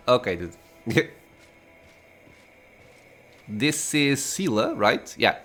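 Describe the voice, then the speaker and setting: A man, host of a gaming channel, giving relaxed, casual commentary while playing. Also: on the low side, slow pace, pauses often. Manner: relaxed, laughs, says dude.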